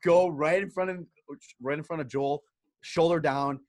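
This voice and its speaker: A young man co-hosting a podcast, telling a hockey story in an animated, casual way. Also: a little high, normal speed. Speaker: podcast co-host. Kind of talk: casual chat.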